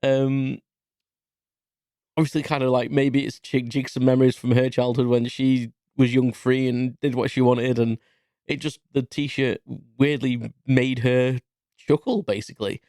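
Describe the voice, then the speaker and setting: A British man around forty talks alone on his podcast in a candid, rambling flow, spinning a personal anecdote. His voice sits at an ordinary mid pitch. The recording is dry and close, with no room sound. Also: little pitch movement, unhurried, darkish tone, no room sound. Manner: rambling, chatty storyteller. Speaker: podcast host. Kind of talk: candid solo podcast monologue.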